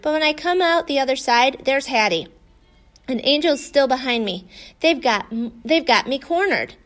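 A woman narrating a children's story in a lively way. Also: high voice, normal speed. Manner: lively, voices the dogs' dialogue. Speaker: audiobook narrator.

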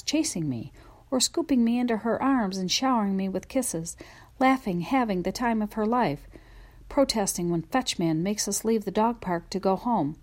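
A woman narrating a children's story in a first-person voice, telling it expressively. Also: medium pitch. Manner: expressive, lively storytelling from a dog's view. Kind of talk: audiobook narration.

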